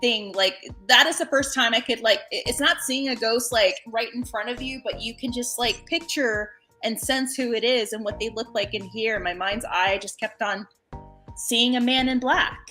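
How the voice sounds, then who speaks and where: A woman telling a ghost story in casual chat, animated and laughing, acting out the voices of the people in it. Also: fairly high pitch, normal speed, soft background music.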